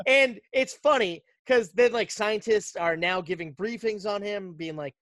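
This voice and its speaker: A podcast host casually recapping a movie plot, telling it in an animated way and slipping into quick character voices. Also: mid-range voice, dry recording, studio quality.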